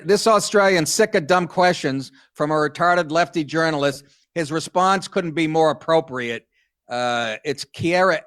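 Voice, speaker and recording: A man's voice: fairly high pitch, a bit bright, no room sound, clean studio sound. A middle-aged man hosting a comedy talk show, reading news stories aloud and riffing on them in a crude, sardonic way.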